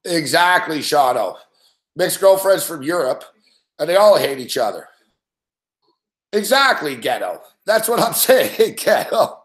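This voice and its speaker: A man's voice: on the high side, animated, a little slow, pauses often, reverberant. A man hosting a sports betting show live, ranting in a casual, profane, rambling way and laughing often. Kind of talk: casual live-stream rant.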